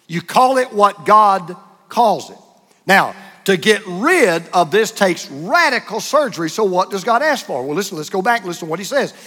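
A man's voice: high-pitched, sing-song, moderate pace, a bit bright, long reverb tail. A man preaching a sermon as pastor, emphatic and driving his points home with short repeated contrasts.

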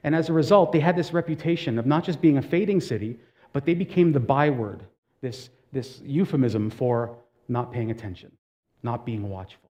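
A man's voice: medium pitch, moderate pace, dark tone. A man preaching a sermon in a conversational way, asking the congregation direct questions and telling stories with casual asides. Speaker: pastor.

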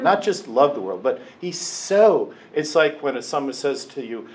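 An older man teaching a Bible class in a lively storytelling way, acting out voices in his quotes. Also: mid-range voice, a little slow, hardly any pauses, low-quality recording.

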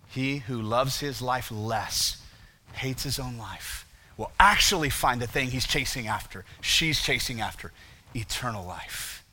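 A pastor preaching a sermon, asking rhetorical questions and dropping to a quiet, low voice for emphasis. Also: male voice, moderate pace, husky.

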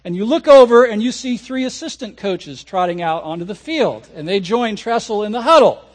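A man preaching a sermon as a pastor, telling a lively story and acting out people's reactions. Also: high voice, normal speed. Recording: audio recording of a sermon.

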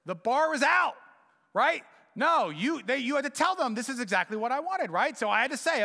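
A middle-aged man preaching a sermon, telling stories with animated swings and dropping to a near whisper on key points. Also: very high-pitched, brisk, long reverb tail. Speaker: pastor.

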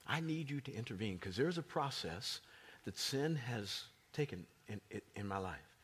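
A man preaching a sermon with animated delivery, dropping to whispers at moments. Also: on the low side, moderate pace, husky. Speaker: pastor.

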